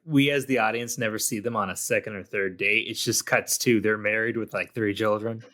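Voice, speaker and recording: A man's voice: fairly low pitch, fairly even intonation, a little fast, a bit bright. A man co-hosting a podcast, casually talking through a film's plot details step by step. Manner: laid-back, explains plot details step by step. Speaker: podcast co-host. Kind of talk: casual movie discussion.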